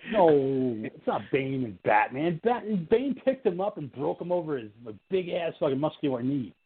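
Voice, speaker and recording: A man co-hosting a podcast, chatting casually about a horror film, animated and profane, mocking the characters. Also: on the high side, normal speed, slightly rough. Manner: animated, swearing, mocking characters in silly voices. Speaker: podcast co-host. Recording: tinny phone-like audio.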